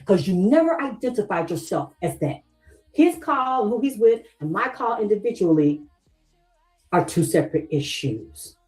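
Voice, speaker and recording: A woman's voice: low voice, dark tone, poor audio. A middle-aged woman with a Southern US accent, talking on a livestream and pressing her viewers with the same questions over and over, stopping to thank them and read their comments aloud. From Southern United States. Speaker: livestream host. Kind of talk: emotional livestream talk to viewers.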